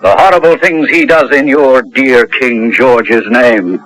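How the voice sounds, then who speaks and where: A man's voice: medium pitch, slow, fairly bright tone, poor audio. An actor playing a bold, boastful Scottish swordsman in a 1970s radio drama, with a theatrical, sing-song delivery and a Scottish accent. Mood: bitter. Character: bold swashbuckling Scottish swordsman, cocky and merry. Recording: old radio recording with heavy hiss.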